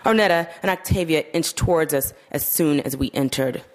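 A woman narrating a literary short story in a measured, steady audiobook reading. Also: low-pitched.

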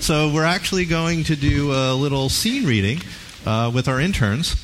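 A man's voice: on the high side, expressive, normal speed, a crowd in the background. A man moderating a live event, upbeat and peppered with fillers.

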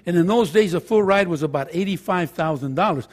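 An older man tells stories in a husky voice and a fairly high register. He jokes as he goes and drops into Spanish now and then. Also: brisk. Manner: anecdotal, joking, switches into Spanish. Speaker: former high school teacher and counselor. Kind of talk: storytelling talk to an audience.

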